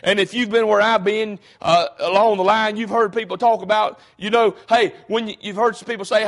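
A preacher with a very high voice delivers a sermon to his congregation. He starts out calm and explanatory, then rises to fervent, shouted appeals, peppering his lines with "hey" and questions to the room. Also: fairly quick, hardly any pauses. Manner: frequent fillers and restarts, rhetorical questions to the congregation.

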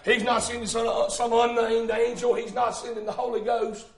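A man preaching, his voice sitting very high for a man. He drives his points with repeated phrases and breaks into loud shouts. The sound rings around a roomy church hall. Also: flat delivery, moderate pace, creaky. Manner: fervent, shouting bursts, rhythmic repetition. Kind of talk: sermon.

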